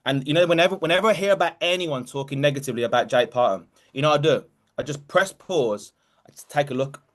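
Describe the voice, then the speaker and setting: A man's voice: on the high side, quick pace. A man hosting a group call as a motivational coach, talking directly and emphatically and repeating key phrases.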